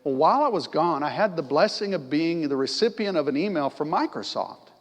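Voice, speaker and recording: A man's voice: on the high side, expressive, fairly quick. A middle-aged man preaching a sermon in a church, talking conversationally and asking the congregation questions. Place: church sanctuary. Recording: long church reverb.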